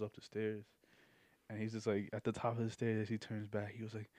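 A man's voice: lowish voice, level tone, fast, darkish tone, dry recording. Young man telling a rambling story, dry. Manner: rambling, profane, laughs mid-story. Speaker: podcast guest. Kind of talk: casual storytelling.

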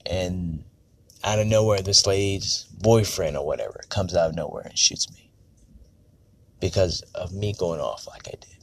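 A man's voice: low-pitched, moderate pace, fairly bright tone. Profane rambling man venting. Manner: rambling, frank, profane, self-correcting. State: on edge. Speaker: podcast host. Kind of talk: casual personal monologue.

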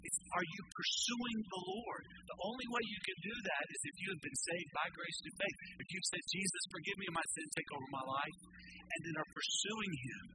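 Emphatic high-voiced male preacher. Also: very animated, brisk, very noisy. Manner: emphatic preaching with call-and-response questions. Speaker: pastor. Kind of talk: sermon.

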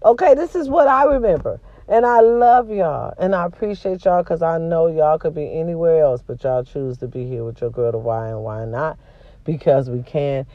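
A woman vlog host, her throat sore from a cold, vents bluntly to her viewers with lots of swearing, shifting between loud and quiet. Her voice sits on the low side at a moderate pace, in lo-fi sound without echo.

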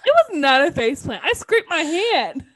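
A woman's voice: sits high, very animated, moderate pace, dry recording, studio quality. A young woman in college telling an embarrassing story in casual chat, laughing often as she talks. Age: young adult. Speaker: podcast co-host.

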